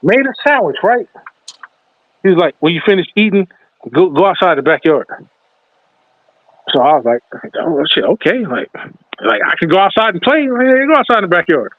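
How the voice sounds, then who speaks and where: A man's voice: sits high, very animated, normal speed, pauses often, no room sound. A man telling a story from his childhood in casual talk, acting out the other people's voices. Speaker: podcast host. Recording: tinny, phone-like sound.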